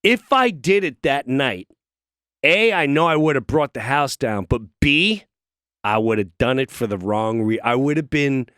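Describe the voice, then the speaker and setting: A middle-aged man, a comedian guest, telling an animated story in a casual studio chat and acting out the voices of the people in it. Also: medium pitch, measured pace, clean tone, no room sound. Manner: acts out voices in his stories, lively and excitable.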